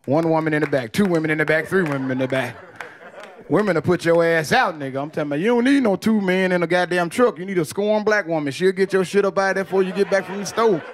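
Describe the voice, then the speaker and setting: A man doing a profane stand-up comedy set, telling loose stories with quick character voices. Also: high voice. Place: comedy club stage with audience. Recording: loud crowd laughter behind.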